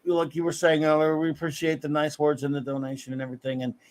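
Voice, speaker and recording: A man's voice: on the high side, flat delivery, quick pace. A middle-aged man hosting a casual live stream, chatting about comics and thanking viewers by name. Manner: warm shout-outs to chat viewers. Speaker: host of a comics talk stream.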